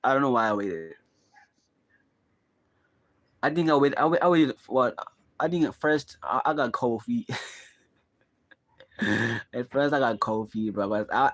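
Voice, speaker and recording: A man's voice: medium pitch, expressive, normal speed, pauses often, a bit bright, dry recording. Rambling young man musing to camera. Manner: rambling, musing, full of "like" and "bro". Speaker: vlogger. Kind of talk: casual confessional monologue.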